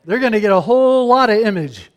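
A man preaching a sermon in a conversational way, dropping to near-hushed asides and then rising to fired-up emphasis. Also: high voice, lively intonation, quick pace, smooth.

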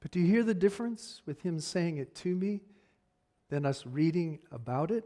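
A man preaching a sermon in a conversational way, dropping to near-hushed asides and then rising to fired-up emphasis. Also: on the high side, animated, moderate pace.

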